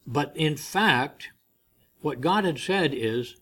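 A man's voice: mid-range voice, lively intonation, takes it slowly, pauses often, a bit bright. Man preaching a story-driven sermon. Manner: storytelling, acts out quoted voices.

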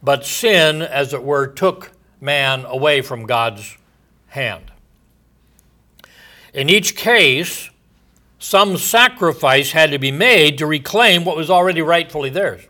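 A man, likely older, delivering a sermon slowly and deliberately, letting his phrases trail off softly at the ends. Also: a little high, expressive. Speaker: preacher.

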